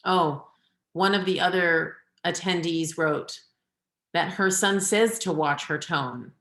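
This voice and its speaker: A woman's voice: fairly low pitch, slow pace, fairly bright tone. A middle-aged woman, a parenting coach, giving earnest, direct advice in a webinar over a video call. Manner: earnest, advising, gives direct instructions. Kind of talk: webinar talk. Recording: echoey room.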